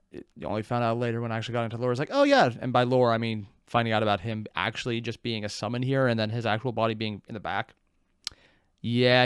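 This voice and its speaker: A man's voice: medium pitch, clean tone, dry recording, studio quality. Chatty male reaction host. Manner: chatty, animated outbursts. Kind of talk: casual reaction commentary.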